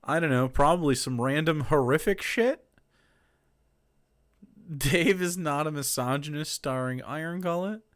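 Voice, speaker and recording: A man's voice: on the high side, a little slow, pauses often, a bit bright. A man casually reacting to videos on his stream, loose and profane in his remarks.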